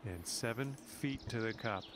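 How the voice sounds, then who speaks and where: An actor voicing a calm male golf commentator in a game, giving measured, scripted sports commentary. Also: mid-range voice, noisy background, natural voice. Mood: steady. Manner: measured, even broadcast delivery.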